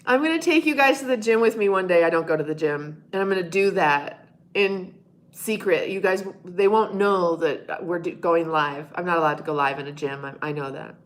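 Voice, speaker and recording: A woman with a lowish voice hosts a casual live stream at normal speed, chatting with her viewers in a playful, teasing way and breaking into loud monkey noises.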